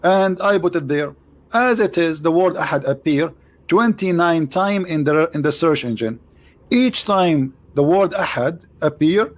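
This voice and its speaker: Teasing man hosting a heated call-in debate. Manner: teasing, repetitive, jumps between loud and low. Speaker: show host debating a caller. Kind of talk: mocking debate chat.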